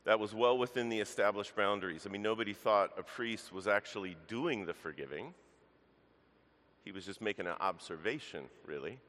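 A man preaching a sermon to his congregation, earnest and direct, calling them church. His voice sits on the low side. The sound carries the long reverb of a church sanctuary. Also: a little fast, fairly bright tone. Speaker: pastor.

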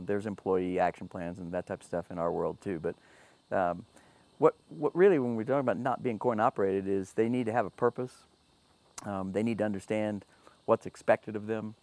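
A man's voice: sits low, a little mellow, no room sound. A man talking earnestly as a guest about running a business and treating staff well. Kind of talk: casual panel talk.

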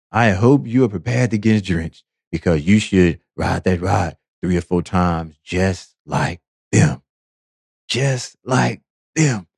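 A man's voice: on the low side, gravelly, darkish tone, breathy edge, no room sound, studio quality. A man hosting a podcast and giving a preachy, emphatic monologue full of repetition. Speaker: podcast host. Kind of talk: motivational monologue.

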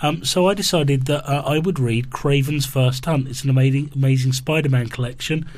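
A man co-hosting a podcast, talking casually and haltingly about comics with many ums and restarts. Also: medium pitch, no echo. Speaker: podcast co-host. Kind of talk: casual chat and comic review.

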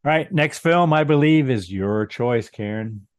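In a laid-back movie recap, this man co-hosting a podcast walks through a film's story with dry, wry humor. He has a mid-range, expressive voice and a measured pace, recorded without room sound.

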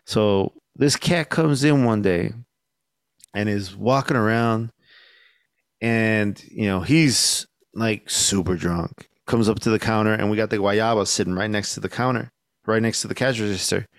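A young man on a podcast telling a story in casual chat, laid-back and swearing a lot, acting out the shouted lines he quotes. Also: fairly low pitch, measured pace, clean tone, no room sound, studio quality. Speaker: podcast co-host.

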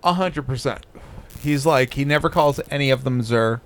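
A man's voice: medium pitch, moderate pace. A man hosting a podcast in casual chat, swearing constantly and sneering sarcastically. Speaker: podcast host. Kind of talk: casual profane commentary.

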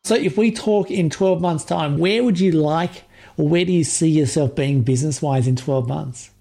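Gravelly man hosting a podcast. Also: fairly high pitch, normal speed, warm tone. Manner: upbeat, effusive. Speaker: podcast host. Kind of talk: podcast interview and outro.

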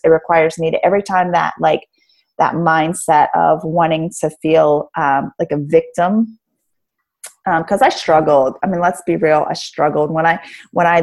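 A low, gravelly-voiced woman in her thirties or forties, a life coach, talks earnestly and reflectively about rebuilding her life in a casual podcast conversation. Her speech is full of "um" and "like".

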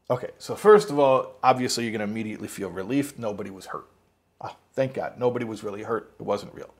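Husky man teaching in a loose storytelling way. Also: medium pitch, brisk. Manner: animated storytelling, acts out quotes; rambling with restarts and asides. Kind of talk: informal spoken lesson.

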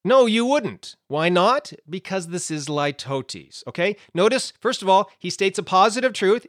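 A man's voice: high-pitched, animated, normal speed, hardly any pauses, a bit bright, dry recording, clean studio sound. A man teaching the Bible in a conversational way, explaining with everyday examples and often checking in with his listeners.

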